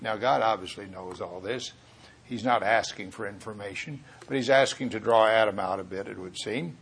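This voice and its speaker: A man's voice: fairly low pitch, normal speed, vocal fry, a bit bright, slightly rough. A man preaching a Bible teaching sermon, earnest and rambling, often correcting himself mid-thought.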